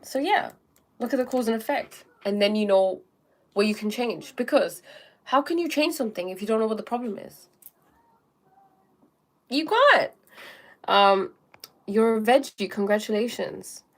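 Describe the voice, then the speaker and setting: A woman's voice: on the high side, expressive, normal speed, pauses often. A young woman hosting a live stream, talking casually about self-help and often checking in with "okay?". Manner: chatty, repeats "okay?" and "um", acts out little scenes.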